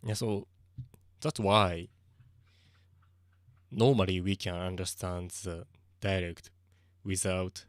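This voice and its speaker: A man's voice: low-pitched, steady tone, slow pace, pauses often, no echo, clean studio sound. A young Japanese man streaming casually, speaking English with a Japanese accent, hesitant and often searching for words, slipping into Japanese. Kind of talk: casual live-stream chat.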